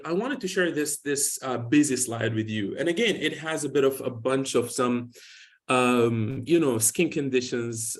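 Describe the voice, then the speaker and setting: A man in his forties, a dermatologist, giving a conversational medical lecture in a loose, rambling way full of "you know" and restarts, telling patient stories. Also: medium pitch. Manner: tells patient stories informally.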